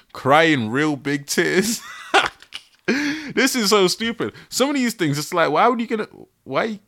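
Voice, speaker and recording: Young male podcast host, bright voice, animated and exasperated, laughs often. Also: a little high. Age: 20s. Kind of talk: casual solo podcast. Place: his bedroom.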